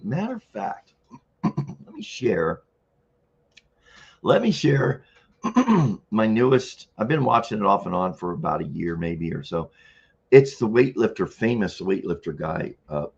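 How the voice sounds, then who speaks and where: Gravelly older man on a livestream. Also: fairly low pitch, lo-fi sound. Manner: rambling, chuckling, frequent throat clearing. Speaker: livestream host. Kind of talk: casual live-stream chat.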